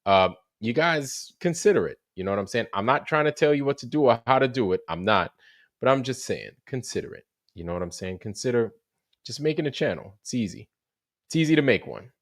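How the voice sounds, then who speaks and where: This livestream host talks through a just-finished show in a casual, animated way, a little fast, with a mid-range voice. He swears liberally, laughs often, and welcomes viewers by name, all in clean studio sound with no echo.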